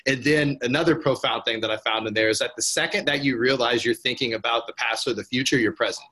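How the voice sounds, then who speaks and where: A man in relaxed podcast conversation, middle-pitched and eager. He rambles, restarts his sentences and leans on filler words as he gets excited about an idea. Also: fast. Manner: enthusiastic, rambling with many restarts and "like". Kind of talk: casual conversation.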